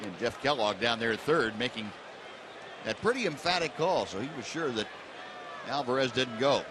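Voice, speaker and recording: A male baseball play-by-play announcer calling the game in a relaxed, conversational way with frequent fillers, over stadium crowd noise. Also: mid-range voice, moderate pace. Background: ballpark crowd.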